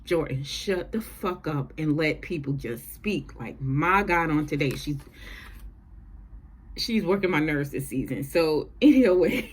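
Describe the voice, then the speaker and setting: Low-voiced woman recapping a TV show. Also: a little slow, slightly rough. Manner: animated, profane, conversational. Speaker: recap vlogger. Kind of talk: casual TV recap chat.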